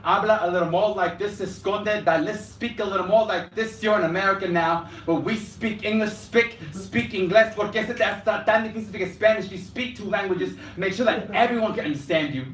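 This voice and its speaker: Young slam poet in an echoey cafe. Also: male voice, sits high, brisk, few pauses, a bit bright, slight background noise. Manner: rhythmic spoken word, switching between Spanish and English. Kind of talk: live slam poetry performance. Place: cafe performance space, indoors. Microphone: room mic from a distance. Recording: echoey cafe room, distant mic.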